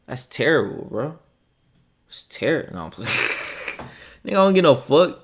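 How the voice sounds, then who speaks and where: A man streaming live, reacting to a video with profane, incredulous commentary that swings from loud outbursts to mumbled asides. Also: medium pitch, very animated, measured pace.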